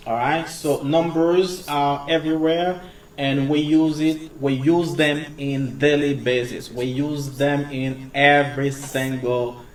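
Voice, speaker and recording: A man's voice: on the high side, little pitch movement, recorded from a distance. Male English teacher. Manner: switches between English, French and Creole while explaining; slow, repeated pronunciation drills. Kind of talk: casual video lesson.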